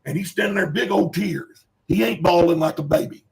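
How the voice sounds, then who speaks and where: A man's voice: sits high, fairly quick, vocal fry, a little mellow. A man, a preacher telling a story as a guest in an earnest, plain-spoken, emphatic way. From Kentucky. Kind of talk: folksy storytelling.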